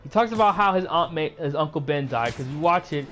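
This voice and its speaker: A man's voice: a little high, lively intonation, brisk, a bit bright, a little hiss or hum. Rambling man recapping a movie. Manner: loose and rambling, full of "like" and "uh", restarts sentences. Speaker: YouTuber recapping a film.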